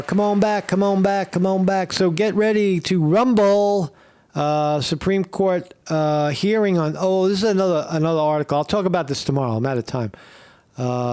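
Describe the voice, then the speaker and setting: A man's voice: fairly high pitch, a little mellow. A man hosting a livestream, ranting in a heated, profane way and repeating himself with many fillers. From Northeast Pennsylvania. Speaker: streamer host.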